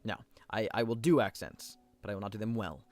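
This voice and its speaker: A man's voice: fairly low pitch, fairly quick, a little mellow. A man streaming a role-playing game, chatting casually and self-deprecatingly with his viewers.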